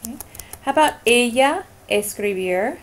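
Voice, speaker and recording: A woman's voice: on the high side, expressive, moderate pace. A woman teaching Spanish verb endings in a screencast lesson, encouraging and talking her students through each answer as she types. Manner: encouraging, talks through typing.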